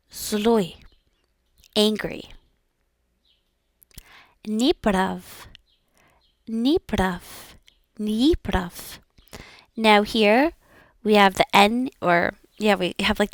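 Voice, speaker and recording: A woman with a mid-range voice is heard in a dry, studio-quality recording. She's a language learner working on pronunciation aloud: each word gets several repetitions, followed by a modest, encouraging explanation of how it sounds.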